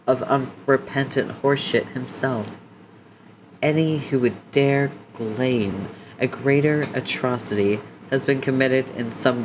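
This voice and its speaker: A man's voice: mid-range voice, background noise, natural voice. A man doing a courtly, theatrical cat suitor. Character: gallant flowery cat-person suitor.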